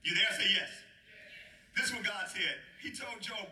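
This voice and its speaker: A man's voice: high-pitched, moderate pace, sharp tone. A male pastor preaching a sermon with call-and-response, urging the congregation to answer and chuckling between phrases, in a church. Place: church sanctuary. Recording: roomy, mic at a distance.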